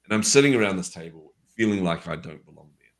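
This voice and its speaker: A man with a low, deep voice tells a personal story in a relaxed conversation. He is an animated storyteller and acts out the dialogue he remembers. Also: fast. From New Zealand. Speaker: guest.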